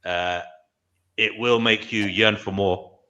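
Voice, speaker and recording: A man's voice: on the low side, fairly even intonation, slow pace, bright, forceful tone, highs cut off. A man hosting a panel, pressing his guest with repeated questions. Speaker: show host. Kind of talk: casual panel discussion.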